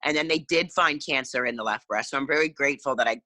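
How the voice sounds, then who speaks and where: A woman in her fifties, a guest in a casual interview, talking in a halting way with many restarts. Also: extremely low pitch, bright, forceful tone, no echo. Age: 50s.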